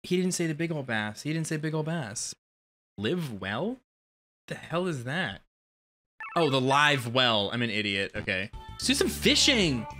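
A game streamer giving casual let's-play commentary, excitable and quick to swear and yelp at sudden scares. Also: medium pitch, soft background music. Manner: excitable, swears a lot, yelps at jump scares.

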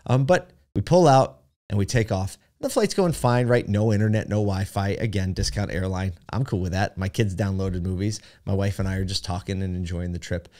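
A man's voice: deep voice, moderate pace, warm tone. A man hosting a podcast, telling a story in a chatty way with many fillers and asides. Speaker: podcast host. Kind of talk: casual storytelling monologue.

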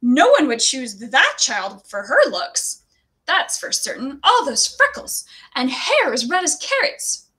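A woman's voice: high-pitched, huge pitch swings, a little slow, bright, forceful tone, exaggerated voice. A woman voicing a blunt, gossipy older neighbor woman with a scornful tone.

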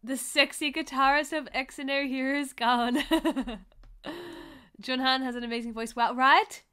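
Woman reactor, bright, gushing, exclaims a lot, unhurried delivery, faint music behind. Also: high-pitched, clear, resonant tone. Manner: excitable, gushing, with loud exclamations. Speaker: reaction video host. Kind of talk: casual reaction commentary.

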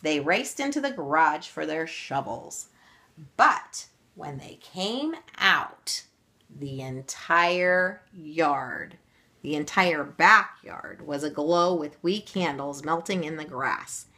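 A woman reading a children's story aloud, expressive and gentle. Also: sits low, slow pace.

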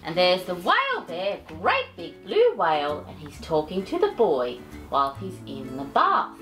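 A woman's voice: fairly low pitch, huge pitch swings, measured pace, a bit bright, soft background music. A woman storyteller reading a picture book aloud, doting and chatty, fussing over her pet between pages. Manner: doting, sing-song and chatty.

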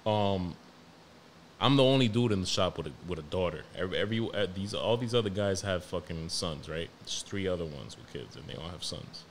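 A young man with a New York accent, hosting a podcast and telling stories about his toddler in a profane, animated, slangy way. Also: deep voice, a little fast, slight background noise. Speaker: podcast host. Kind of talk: casual storytelling monologue.

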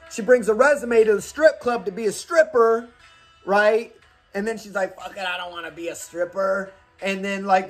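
A man hosting movie recommendations in a casual, profane, rambling comic rant, acting out scenes as he goes. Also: high-pitched. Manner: rambling, swears a lot, acts out scenes.

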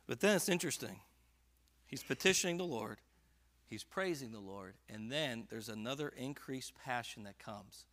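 A man pastor preaching a sermon, moving from quiet personal confession to loud, fervent scripture reading in a church. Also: mid-range voice, expressive, moderate pace. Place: church sanctuary.

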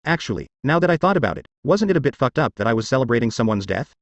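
A man's voice: mid-range voice, sing-song, very fast, no room sound, clean studio sound. A man narrating a fantasy web novel audiobook in the first person, with a wry, sardonic inner monologue.

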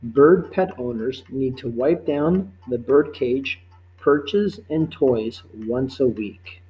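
A man teaching a life-skills quiz, reading each question slowly and patiently, then repeating it before giving the answer. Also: medium pitch, warm tone, low-quality recording. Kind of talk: quiz lesson narration.

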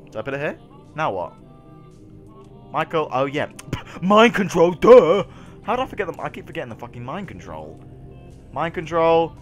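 A young man doing let's play commentary on a video game, excitable, dropping from low mutters to loud yells. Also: fairly quick, long pauses, lo-fi sound, faint music behind. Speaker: gaming YouTuber.

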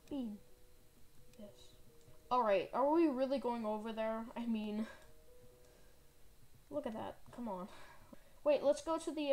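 A woman giving excitable, melodramatic let's-play commentary while calling out to a teammate. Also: high voice. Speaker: gaming channel host.

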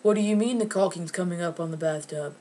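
Woman doing a clueless contractor guy, dismissive and obtuse, kinda low. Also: quick pace, dark tone, lightly acted. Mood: confused. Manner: obtuse, questioning. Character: dim, dismissive male contractor.

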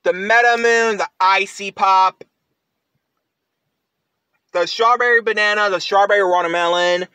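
A man giving a casual product review, rambling and halting with frequent fillers. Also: high-pitched, fairly even intonation, sharp tone, smooth, no room sound.

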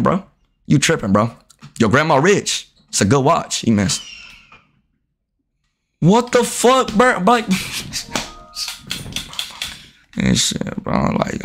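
Young male streamer, profane and riled up, pitch swinging wide. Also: a bit bright. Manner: profane, trash-talking, riled up. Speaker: gaming streamer. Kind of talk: live game commentary with chat.

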